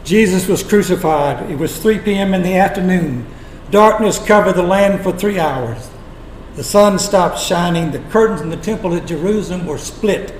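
A man preaching a sermon, retelling scripture as dramatic storytelling with long pauses. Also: sits high, lively intonation, a little hiss or hum. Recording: echoey room.

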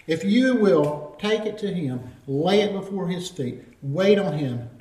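A man's voice: sits high, animated, a little slow, dark tone. A man preaching a sermon as pastor, earnest and storytelling, calling for responses from the congregation. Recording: roomy echo, distant mic.

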